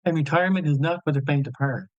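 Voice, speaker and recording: A man's voice: a little high, fast talker, dry recording, lo-fi sound. A man, who stutters openly with many repeated sounds and fillers as a guest speaker in an online Q&A. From Newfoundland and Labrador, Canada. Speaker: guest speaker and radio show host. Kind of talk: conversational answer in an online Q&A.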